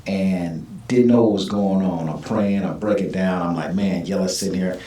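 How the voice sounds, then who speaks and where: A man telling a long personal story in a casual interview, lively, and acting out the other people's lines in his own voice. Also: low-pitched, moderate pace. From Southern California. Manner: animated storytelling, acts out quoted voices. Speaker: guest. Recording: echoey room, mic at a distance.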